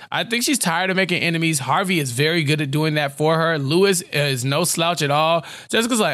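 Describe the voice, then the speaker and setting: A man co-hosting a podcast in casual recap chat, animated, often acting out characters' lines. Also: fairly high pitch, dry recording, clean studio sound. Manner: animated, acts out characters' lines in quick bursts. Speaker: podcast co-host.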